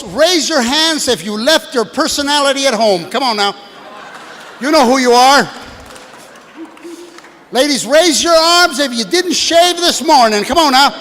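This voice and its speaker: A man in his sixties doing a stand-up comedy set, brashly working the crowd and shouting at the audience from a stage. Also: very high voice. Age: 60s. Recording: live hall with long reverb, faint room noise.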